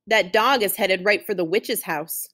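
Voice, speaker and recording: A woman's voice: mid-range voice, a little slow, a bit bright. Brief: teasing ten-year-old boy, hollers warnings, voiced by a woman reader. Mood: taunting. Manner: taunting, hollering. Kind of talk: storybook read-aloud.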